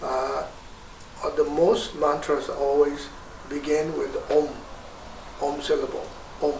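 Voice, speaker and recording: A man with a Tibetan accent teaching a guided meditation, slow and patient with many hesitations. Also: fairly high pitch, little pitch movement, creaky, a little mellow, slight background noise. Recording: roomy, distant mic.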